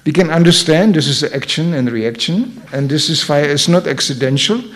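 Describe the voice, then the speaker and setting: A man acting out a calm, analytical male priest-scholar who reasons everything through. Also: fairly high pitch, normal speed, lightly acted.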